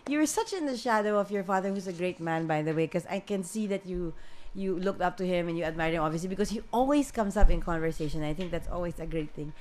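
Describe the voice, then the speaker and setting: A woman's voice: medium pitch, darkish tone, a little hiss or hum. Teasing Filipino woman radio host. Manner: teasing, mixes English and Tagalog, laughs often. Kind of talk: casual teasing interview.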